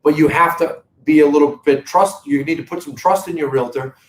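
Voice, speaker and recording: Speaking briskly in a fairly high register, this Boston-accented, middle-aged real estate company host delivers a live video market update with earnest, emphatic salesmanship. The audio is low quality, with room echo and a slight hiss or hum.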